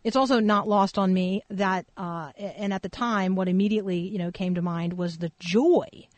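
A woman's voice: medium pitch, moderate pace, no room sound. A woman pastor tells a story in a loose, conversational sermon, with plenty of fillers. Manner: casual, animated storytelling with fillers.

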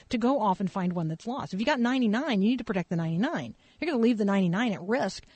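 A woman pastor with a lilt tells a story from the pulpit in a relaxed, chatty way. Her voice sits in a middle register. It is recorded close and dry, with no room sound. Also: medium pitch, fast talker, husky, dry recording. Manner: casual, animated storytelling with fillers. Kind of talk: conversational sermon storytelling.

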